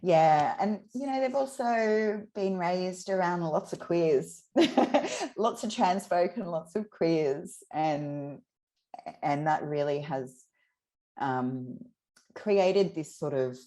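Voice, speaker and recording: A woman, reflecting candidly in an interview, often pausing and restarting her sentences. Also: lowish voice, dark tone. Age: 30s. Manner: reflective, halting, with many restarts.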